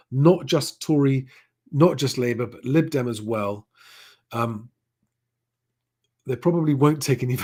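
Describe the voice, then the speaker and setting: A middle-aged man with a husky, slightly breathy voice talks in a casual live stream. He rambles and often restarts sentences, with plenty of ums. He speaks at a middle pitch from a home setup. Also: a little mellow. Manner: rambling with many fillers and restarts. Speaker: livestream host reading chat comments.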